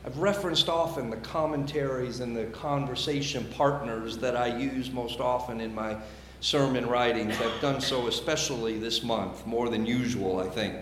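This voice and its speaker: A man preaching a sermon as pastor, measured and emphatic, with deliberate pauses. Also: mid-range voice, a bit bright, roomy sound, a little hiss or hum. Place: church sanctuary.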